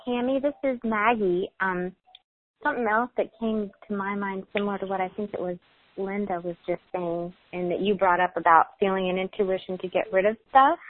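A woman's voice: mid-range voice, fairly even intonation, moderate pace. A woman on a group call, thoughtful and a bit hesitant, offering an idea to another participant. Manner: thoughtful, hesitant with fillers and restarts. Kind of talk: casual sharing on a group call. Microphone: phone call. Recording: tinny phone line.

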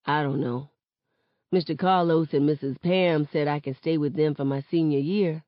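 A woman reading the part of an easygoing teenage boy who talks in relaxed slang, on a dull lo-fi recording. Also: low voice, moderate pace, no room sound, natural voice.

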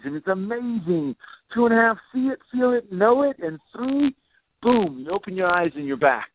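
A man host leading a guided visualization, slow, soothing and encouraging. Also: high voice, slight background noise. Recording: tinny phone-like line.

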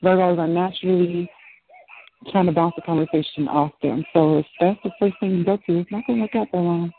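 A woman's voice: fairly low pitch, steady tone, brisk. A woman chatting casually and bluntly over the phone, swearing freely and laughing easily. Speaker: phone chat line caller. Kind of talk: casual chat. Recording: noisy tinny phone line.

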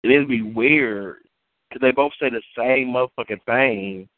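A man's voice: mid-range voice, a little slow, no echo. A man on a community call telling a long rambling story in casual, profane slang, repeating himself as he goes. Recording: tinny phone-like line, dry.

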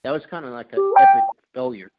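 A man chats about wrestling on a casual show, raising skeptical questions. His voice sits at a middling pitch. The sound is muffled and lo-fi. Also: quick pace, heavy background noise. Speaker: podcast co-host.

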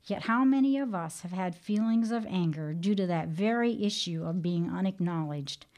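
A woman's voice: on the low side, a little mellow. Earnest woman teaching scripture. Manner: measured, earnest storytelling. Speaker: Christian radio teacher.

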